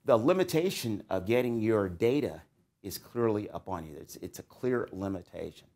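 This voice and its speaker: A man's voice: on the low side, lively intonation, normal speed, darkish tone. A middle-aged man, a psychology professor, giving a recorded lecture to doctoral students in a conversational, musing way, with swings of emphasis.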